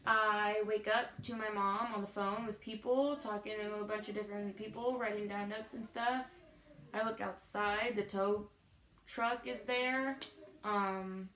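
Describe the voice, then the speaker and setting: A young woman tells a self-deprecating story about her day in a storytelling vlog, acting out what people said. Her mid-range voice is a bit bright, and the low-quality recording is reverberant.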